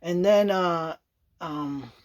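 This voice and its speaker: Drawing out her words in a lowish voice, a woman rambles through a casual vlog. She chats on, checks in with her listener by repeating "you know what I mean," and laughs a lot.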